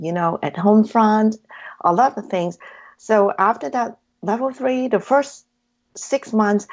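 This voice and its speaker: Her voice sits at medium pitch with a darkish tone. A hypnotherapy practitioner being interviewed, she earnestly recounts her story and dramatizes her inner dialogue, though the recording is dull and lo-fi.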